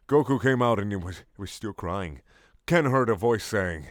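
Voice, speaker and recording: A man reading fan fiction aloud for laughs, jumping between put-on voices and sudden shouts. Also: lowish voice, expressive, normal speed, no echo, clean studio sound. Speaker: comedic reader of fan fiction. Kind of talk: mock dramatic reading.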